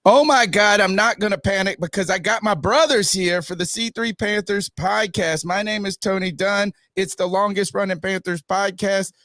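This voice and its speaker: A man hosting a sports podcast over a video call, talking in an animated, playful way. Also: sits high, normal speed, hardly any pauses, dry recording, studio quality. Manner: animated, playful, mock-panicky. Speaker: podcast host. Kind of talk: casual sports podcast talk. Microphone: webcam and mic on a video call.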